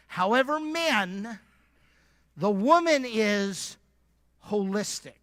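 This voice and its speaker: High-voiced emphatic male preacher. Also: animated, slow pace, pushed and bright, no room sound. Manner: emphatic, direct, repeats lines for emphasis. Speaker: conference speaker. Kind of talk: preaching sermon. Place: church.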